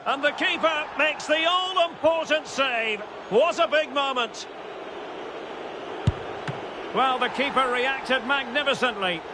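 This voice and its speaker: A man giving scripted football commentary in a video game, brisk short calls that rise at big chances. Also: high voice, natural voice. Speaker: play-by-play commentator. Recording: loud game crowd noise behind.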